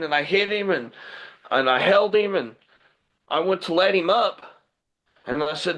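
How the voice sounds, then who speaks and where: A man, a guest pro wrestler, telling a personal story in animated podcast chat and acting out the dialogue. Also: high-pitched, normal speed, low-quality recording. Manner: vivid retelling that acts out the dialogue.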